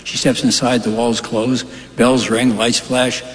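Captured live in an echoey hall, this stand-up comedian trades in deadpan one-liners and extended joke stories. His mid-range voice stays fairly flat in pitch, and he talks a little slowly.

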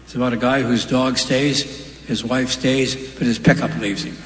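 A man doing stand-up, telling quick folksy jokes on stage with offhand asides between punchlines. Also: medium pitch, fairly even intonation, fairly bright tone. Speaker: stand-up comedian. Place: large live venue. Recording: roomy hall with long reverb.

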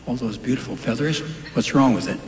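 A fussy woman pricing a parrot at a pet store, quietly put on by a male comedian. It is soft-spoken and close to his own voice, echoing in a large hall with crowd noise. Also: mid-range voice, brisk, natural voice. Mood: incredulous.

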